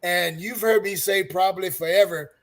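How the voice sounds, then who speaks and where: An older man with a high voice telling earnest stories as a guest on a fan roundtable. He ends up preaching a little, handing out encouragement. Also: normal speed, fairly bright tone. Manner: earnest, preachy, gives advice. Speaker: guest, longtime super fan. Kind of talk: casual storytelling.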